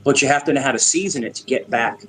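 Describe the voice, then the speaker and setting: A man hosting a casual panel chat, rambling and repeating his words, quick to laugh. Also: medium pitch, fairly bright tone. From Italian heritage.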